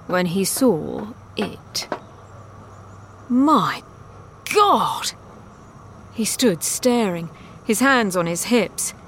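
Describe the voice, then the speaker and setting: A woman narrating a science fiction story aloud at a measured pace. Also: mid-range voice, a little hiss or hum.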